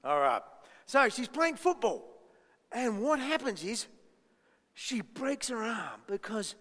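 A man leads a children's talk in church, coaxing the kids with playful questions. His voice sits fairly high for a man. The long echo of a large church hall trails each phrase. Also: big pitch swings, slow pace, a bit bright. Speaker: children's minister.

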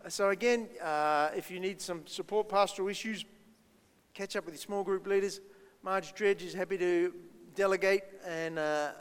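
A man's voice: high-pitched, clear, resonant tone, long reverb tail. A man leading a church service as pastor, giving a chatty children's talk, asking the children questions and poking fun at himself. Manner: chatty, self-deprecating, asks the children questions.

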